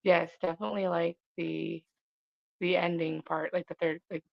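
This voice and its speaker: A woman co-hosting a casual book discussion, hesitant, with many restarts and soft chuckles. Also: on the low side, little pitch movement, moderate pace, vocal fry, no room sound, dull audio. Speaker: book club co-host.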